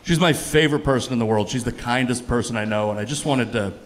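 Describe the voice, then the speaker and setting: A man in his thirties performing a stand-up comedy set for a live audience, deadpan and profane, rising to loud exasperated punchlines. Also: medium pitch, fast talker, noisy background. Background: audience laughter.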